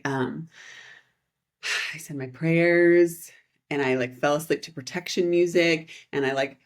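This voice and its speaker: Woman, low-pitched, casual chat, animated, rambling, laughs a lot. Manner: rambling, animated, laughs often, acts out quoted voices. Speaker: podcast co-host.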